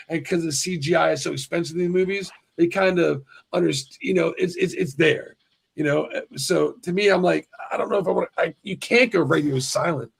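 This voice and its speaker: A man hosting a casual stream talks in a rough, gravelly voice that sits a little high for a man. He gets excited easily, swears freely and trips over his own restarts. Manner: profane and excitable, heavy restarts. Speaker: livestream host. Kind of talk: casual chat.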